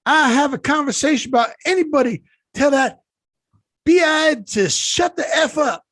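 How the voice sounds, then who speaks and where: A man mimicking a belligerent, irate woman passenger, ranting and shouting in a shrill voice. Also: normal speed, no echo, studio quality. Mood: furious ranting. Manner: ranting, threatening.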